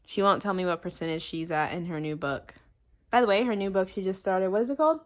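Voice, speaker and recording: Young female book vlogger, casual and excitable, rambles happily. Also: medium pitch, fast talker. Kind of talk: casual vlog chat.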